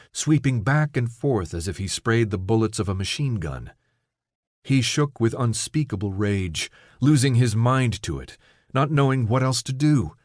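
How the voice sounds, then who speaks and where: A man narrates an audiobook in a steady, measured telling with a somewhat low voice. The recording is dry and close on a studio mic, with no room sound. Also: no room sound.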